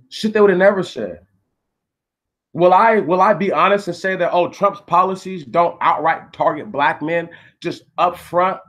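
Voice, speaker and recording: A man rants on his live stream. He swears constantly, repeats himself and argues with the viewers in his chat. He sounds angry throughout. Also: a little high. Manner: angry, profane, repetitive, arguing with viewers. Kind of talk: heated live-stream rant.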